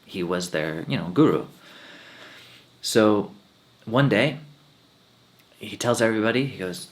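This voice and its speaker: A man who is a monk and spiritual teacher, telling a story at a satsang in an animated, emotional way. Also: fairly low pitch, measured pace, long pauses.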